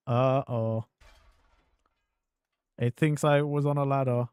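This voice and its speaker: Excitable male gaming streamer, dry sound. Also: mid-range voice, slow pace, long pauses, clear, resonant tone, no echo. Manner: excitable, swears, bursts into exclamations. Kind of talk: gameplay commentary.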